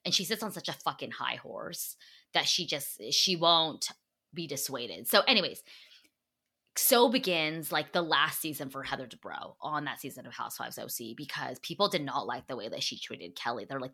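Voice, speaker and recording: Low-pitched, bright-toned gossiping woman. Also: expressive, a little fast, vocal fry, husky. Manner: chatty, full of "like" fillers and swearing. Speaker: podcast host. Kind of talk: casual gossip chat.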